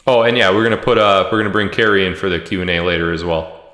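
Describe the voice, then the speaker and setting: A man with a low, deep voice runs a loose, joking livestream from home, reading out viewers' comments and hometowns. His voice bounces around an echoey room with a long, lingering reverb. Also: fast talker. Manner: joking, reads viewer comments and shout-outs aloud. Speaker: livestream host. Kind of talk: casual livestream chat.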